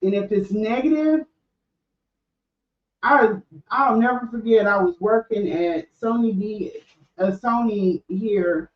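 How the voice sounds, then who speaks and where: A middle-aged woman hosting a podcast talks candidly and casually in a mid-range voice, slowly and with long pauses, often restarting her sentences. It sounds like casual livestream chatter, recorded off-mic from a distance in an echoey room with a dull sound.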